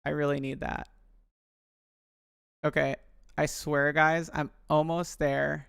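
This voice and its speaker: A man's voice: fairly high pitch, steady tone, slow, creaky, pauses often, a bit bright, clear, resonant tone, dry recording, studio quality. A young man rambling on a live stream, talking to his viewers and poking fun at himself. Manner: chatty, self-deprecating, addresses viewers.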